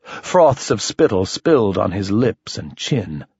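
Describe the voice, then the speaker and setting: Man, first-person story narration, low husky voice, animated delivery, dry lo-fi sound. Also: slow pace, no echo. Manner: expressive, shifting voices for characters. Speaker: audiobook narrator.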